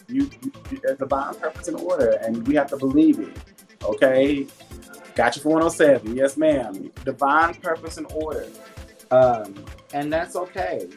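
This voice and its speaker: A man hosting a casual live jewelry sales stream, chatty and laughing often, reading viewer comments aloud and talking about his faith. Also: a little high. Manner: warm and churchy, talks faith.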